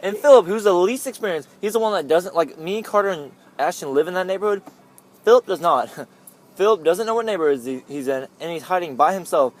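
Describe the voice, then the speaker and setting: A man's voice: high-pitched, lively intonation, brisk. A young man telling a story among friends in a casual chat, rambling with lots of "like" and laughing often.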